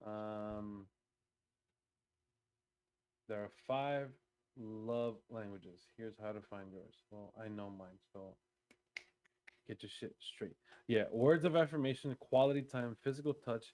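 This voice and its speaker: A man's voice: on the low side, slow pace, pauses often, no room sound. A young man co-hosting a podcast in casual chat, telling stories and acting out the quotes. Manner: animated storyteller, acts out quotes. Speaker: podcast co-host.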